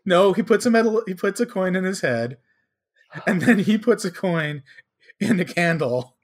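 A co-host in a casual podcast chat, firing off teasing, dry retorts. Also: male voice, sits high, lively intonation, normal speed.

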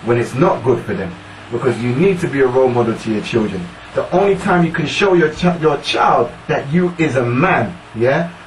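A man's voice: medium pitch, expressive, moderate pace. A man talking about fatherhood in casual discussion, emphatic and prodding his listeners with "yeah?". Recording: roomy, distant mic, faint noise.

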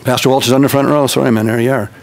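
Folksy and lively, this pastor's sermon alternates rapid loud outbursts with slow, hushed moments of emphasis. He speaks at medium pitch with a gravelly edge.

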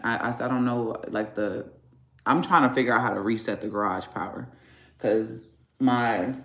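A family vlogger with a gravelly, medium-pitched voice rants in a casual home vlog, swearing, rambling, and venting his anger. He's recording in a garage that echoes.

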